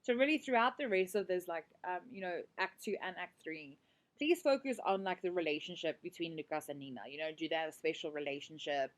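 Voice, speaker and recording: A woman's voice: fairly low pitch, fairly quick. Chatty South African woman teacher. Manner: chatty, full of "like" fillers. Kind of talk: casual lesson explaining a set drama.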